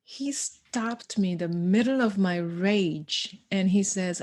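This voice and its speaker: Woman on a podcast, animated storyteller, acts out the dialogue, laughs a lot, middle pitch. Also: slow pace, few pauses. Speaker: podcast guest, educator. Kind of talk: conversational storytelling.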